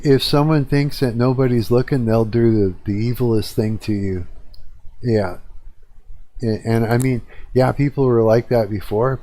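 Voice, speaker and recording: A man's voice: mid-range voice, dark tone. Profane, rambling man ranting. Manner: rambling, profane, agitated complaining. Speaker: live streamer. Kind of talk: casual rant. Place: own apartment.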